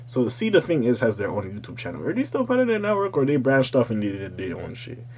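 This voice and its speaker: A man hosting his own channel, giving loose, profane, rambling casual commentary with slangy asides and sudden excited bursts. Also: medium pitch, quick pace, slight background noise. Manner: swings into loud excited bursts. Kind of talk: casual pop-culture commentary.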